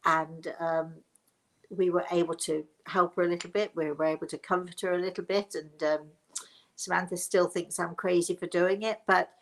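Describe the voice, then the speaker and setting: A woman's voice: fairly low pitch, steady tone, moderate pace, poor audio. An older woman from England, hosting a live stream as a spiritual medium and telling a rambling personal story with many restarts.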